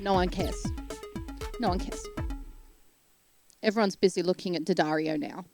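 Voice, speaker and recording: A woman delivering a sarcastic, animated comedic rant straight to camera, rambling from point to point. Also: medium pitch, a little slow, long pauses, soft background music. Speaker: comedic YouTube ranter.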